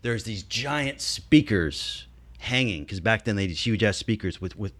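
A man in his fifties, a podcast guest telling stories in an animated way, acting out scenes with sound effects and voices. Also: on the low side, moderate pace, no echo. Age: 50s. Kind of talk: casual storytelling.

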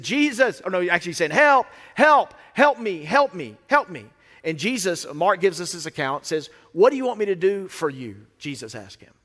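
A man's voice: on the high side, fairly bright tone. A man preaching a sermon as the pastor, conversational with playful asides and acted-out quotes, in a church sanctuary. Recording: echoey hall with long reverb.

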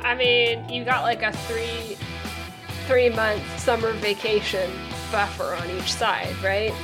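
A woman's voice: fairly high pitch, little pitch movement, slow, music in the background. A woman co-hosting a podcast, chatting casually with wry, joking remarks. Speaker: podcast co-host. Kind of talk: casual chat.

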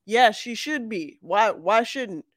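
Slow hesitant podcast co-host. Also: medium pitch, lively intonation, fairly bright tone, no echo, clean studio sound. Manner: hesitant, stumbling restarts, slow. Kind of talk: casual chat.

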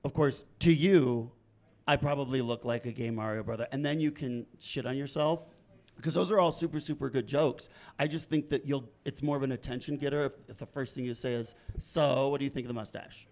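A man judging a comedian's set, giving playful, teasing notes with quick asides. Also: mid-range voice, darkish tone. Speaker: comedy judge. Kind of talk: lively critique of a comedian.

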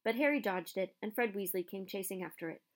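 A woman's voice: mid-range voice, quick pace. Woman narrating a storybook expressively. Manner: expressive reading.

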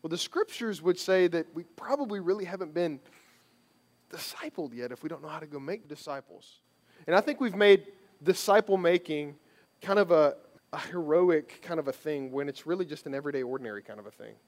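A man's voice: fairly high pitch, lively intonation, a little fast. A man giving a sermon as a pastor, conversational and emphatic, repeating phrases for stress.

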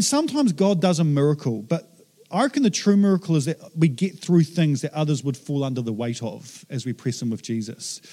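A man preaches in a loose, conversational way, often restarting his sentences and poking fun at himself. His voice sits a little high for a man. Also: warm tone. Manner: conversational, self-deprecating, frequent fillers and restarts. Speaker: pastor. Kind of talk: sermon.

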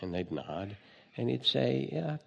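A man giving a dharma talk as a meditation teacher, telling stories gently with light humor. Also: lowish voice, unhurried, creaky, big-room sound, muffled recording.

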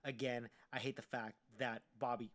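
A man co-hosting a casual chat show, thinking aloud in halting, roundabout sentences. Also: mid-range voice, flat delivery, a bit bright. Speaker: podcast co-host.

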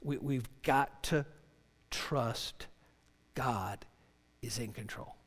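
A man's voice: medium pitch, extremely slow, fairly bright tone. A man preaching a sermon in an earnest way, often repeating words as he starts a line. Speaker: pastor. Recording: long reverb of a large hall.

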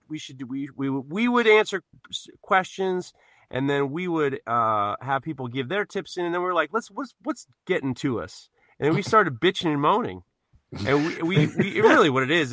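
A man's voice: a little high, pushed and bright, no room sound. A man guesting on a podcast, chatting casually in a rambling, self-interrupting way and swearing freely. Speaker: podcast guest, knife maker.

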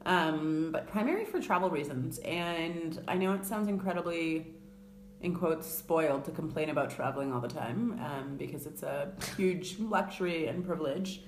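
A woman's voice: sits low, expressive, normal speed, reverberant, a little hiss or hum. A woman co-hosting a podcast in casual chat, wry and self-deprecating, sounding tired. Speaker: podcast co-host.

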